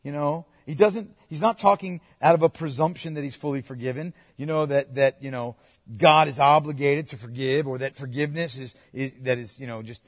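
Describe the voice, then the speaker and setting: A man preaching a sermon, emphatic, swinging between loud urging and hushed, quiet asides. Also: a little high, studio quality. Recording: long hall reverb.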